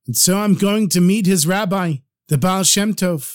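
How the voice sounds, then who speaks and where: A man's voice: high voice, moderate pace, close to an everyday voice. A man playing a skeptical French nobleman. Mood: incredulous.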